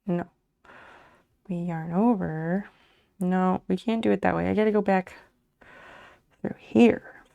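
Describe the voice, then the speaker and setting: A woman's voice: fairly low pitch, fairly even intonation, slow pace, gravelly, long pauses, mellow, muffled recording. A woman streamer chatting casually with her viewers while she crochets, muttering and swearing under her breath as she works. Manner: chats back to viewers' messages.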